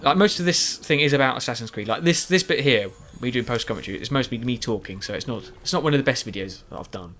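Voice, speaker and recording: A man's voice: medium pitch, expressive, fast talker, hardly any pauses, fairly bright tone. Rambling tired man commentating gameplay. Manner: meandering, self-deprecating, many restarts and fillers. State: tired and yawning, recording late. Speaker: gaming YouTuber.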